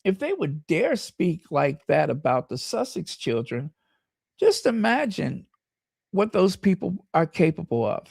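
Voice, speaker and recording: An American channel host speaks slowly and emphatically in a livestream. The voice is gravelly, with a pitch that swings widely. The sound is dry and close. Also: sing-song, darkish tone, no echo. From United States. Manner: impassioned and emphatic, reads viewer comments aloud. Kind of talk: livestream commentary.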